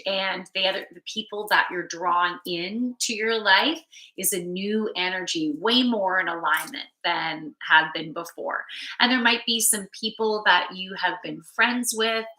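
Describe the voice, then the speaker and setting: Bright-voiced woman giving a sleepy card reading. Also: lowish voice, roomy sound. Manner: relaxed, rambling, reads and answers chat. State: sleepy, yawning. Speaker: spiritual card reader and yoga teacher. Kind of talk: live-stream card reading, chatting with viewers.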